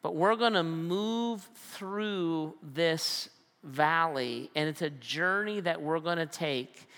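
A man preaching a sermon as a pastor, animated and acting out the voices he quotes. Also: a little high, clear, resonant tone. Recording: long hall reverb.

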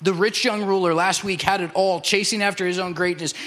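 A male pastor preaching a passionate sermon, slowing down to drive points home. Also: sits high, fairly even intonation, fairly bright tone. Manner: passionate, slows down for emphasis.

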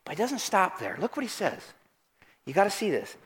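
A man preaching a sermon in church, asking the congregation questions and urging them to answer out loud. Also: high voice, a little fast. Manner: animated, calls out questions to the congregation. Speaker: pastor. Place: church sanctuary.

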